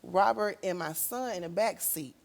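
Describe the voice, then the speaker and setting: A woman talk show guest, telling an emotional story and acting out quotes with sudden loud, high outbursts. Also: normal speed, vocal fry.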